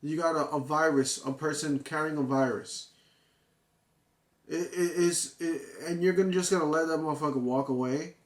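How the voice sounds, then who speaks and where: Excitable, profane young man reviewing. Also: fairly high pitch, moderate pace, roomy sound. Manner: excitable, profane, full of restarts and fillers. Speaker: manga reviewer. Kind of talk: casual video review.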